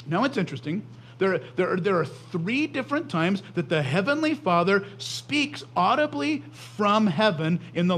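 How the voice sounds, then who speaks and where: Male pastor, fairly high voice, preaching, halting restarts, middle-aged. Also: a bit bright. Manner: frequent stammering restarts. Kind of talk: sermon.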